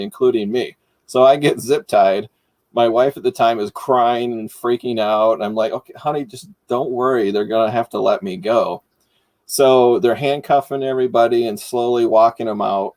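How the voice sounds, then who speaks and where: A middle-aged man from Michigan, hosting and casually telling a story, animated and laughing as he goes. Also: medium pitch, no echo. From Michigan, United States. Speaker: host.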